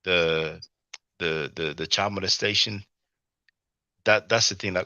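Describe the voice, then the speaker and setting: A French-accented man hosts a casual online discussion, his voice lowish and forcefully bright. He rambles, restarts and leans on "you know what I'm saying". The audio is dry and somewhat muffled, like a stream microphone. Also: steady tone, measured pace, gravelly, pauses often, no echo.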